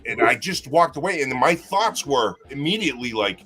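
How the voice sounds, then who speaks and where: A man's voice: mid-range voice, expressive, normal speed, bright, forceful tone, faint music behind. A man in a casual live chat who tells stories in a heated way, swearing as he goes.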